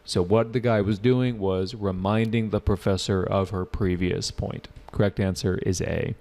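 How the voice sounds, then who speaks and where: A man's voice: on the low side, steady tone, moderate pace, gravelly, a little mellow. A man teaching a live online test prep class, casual and joking as he walks through questions and answers student chat.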